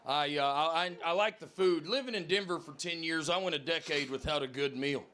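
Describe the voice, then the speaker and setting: High-voiced Southern man doing stand-up. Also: brisk, a little hiss or hum. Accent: Southern US (Alabama). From Alabama, US. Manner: folksy, self-mocking storytelling with punchlines. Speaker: stand-up comedian. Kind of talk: stand-up comedy set. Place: comedy club stage. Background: loud audience laughter.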